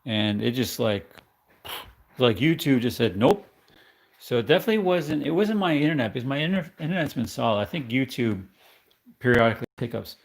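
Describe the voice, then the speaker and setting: A man's voice: medium pitch, animated, fairly quick, vocal fry. A man from New York rambling in casual chat with viewers on his live stream, often laughing at himself.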